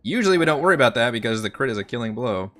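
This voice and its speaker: A man's voice: medium pitch, big pitch swings, rapid-fire, fairly bright tone, soft background music. A man running a tabletop game as game master, laughing often while he describes monsters and makes rulings.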